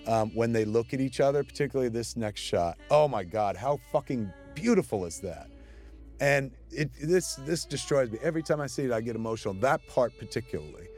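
A man talking through his own film in casual commentary, excitable and swearing often, restarting his sentences as he goes. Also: medium pitch, a little fast, faint music behind. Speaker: filmmaker giving audio commentary.

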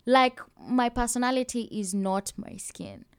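A woman's voice: a little high, lively intonation, unhurried, smooth. A young woman with a Kenyan accent talking openly about her own experiences in a casual podcast chat. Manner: open, personal, laughs while telling stories.

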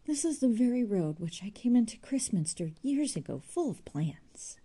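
A woman's voice: on the high side, animated, brisk, dark tone, breathy edge, voice pushed up. A woman reading aloud voices a weary, bitter young man who speaks in a tense, clipped way. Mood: troubled.

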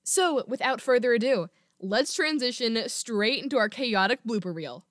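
A woman's voice: fairly high pitch, lively intonation, moderate pace. A woman hosting a podcast, chatting casually and poking fun at herself. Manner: chatty, self-deprecating. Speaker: podcast host.

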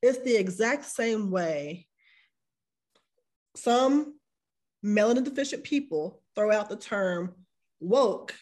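A woman's voice: mid-range voice, lively intonation, slow pace, long pauses, a little mellow. A woman co-hosting a casual panel discussion, talking bluntly and emphatically. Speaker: co-host.

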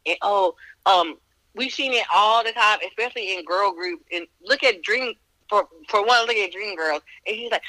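Bright-voiced, blunt woman podcaster. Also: mid-range voice, normal speed, no room sound, low-quality recording. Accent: Northern US. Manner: blunt, profane, animated storytelling. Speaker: podcast co-host. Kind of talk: casual chat.

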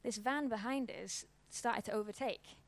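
A woman's voice: fairly high pitch, moderate pace. A woman, giving an informal church talk and telling a personal story in a casual, conversational way. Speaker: church speaker.

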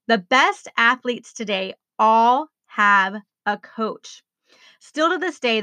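A woman's voice: on the high side, sharp tone, no room sound. A woman hosting her own podcast as a life coach, talking casually and enthusiastically to listeners. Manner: upbeat, enthusiastic, spells things out slowly.

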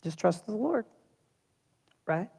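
A man's voice: high voice, slow, creaky, husky. Conversational male pastor in echoing church. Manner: conversational, lively preaching with rhetorical questions. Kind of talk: sermon.

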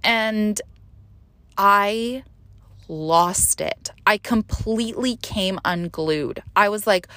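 A woman's voice: medium pitch, slow pace, fairly bright tone, no echo. Candid woman, dry close sound. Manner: candid, rambling, frequent swearing and "like" fillers; emotional, rising sharply when reliving panic. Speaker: podcast host. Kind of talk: confessional podcast monologue.

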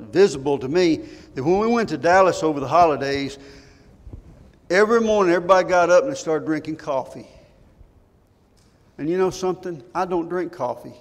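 An older man preaching a sermon, telling folksy stories and asking his congregation rhetorical questions. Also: a little high. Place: church sanctuary. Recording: church hall reverb.

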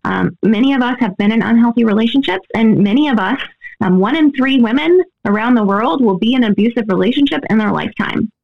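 A woman's voice: fairly high pitch, fast talker, gravelly, highs cut off. A woman answering interview questions as an expert guest, earnest and explanatory, often tagging on "right?".

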